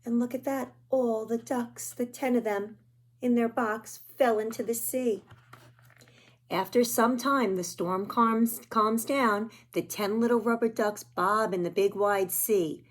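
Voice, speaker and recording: A woman reading a picture book aloud to young children, gentle and pointing out the pictures as she goes. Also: a little high, steady tone, a little slow. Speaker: children's storyteller.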